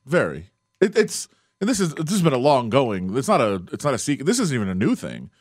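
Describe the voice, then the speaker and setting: A man's voice: mid-range voice, huge pitch swings, fairly quick, no echo, studio quality. A man who works as a sports reporter, chatting casually on a talk show with rambling restarts and frequent laughs.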